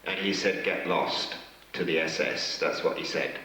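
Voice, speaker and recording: Deep-voiced man rambling in an echoey hall. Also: a little fast, distant mic, background noise. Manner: rambling, hesitant, self-mocking, chuckling. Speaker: guest actor at a fan convention panel. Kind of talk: convention Q&A anecdotes. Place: large convention hall with an audience.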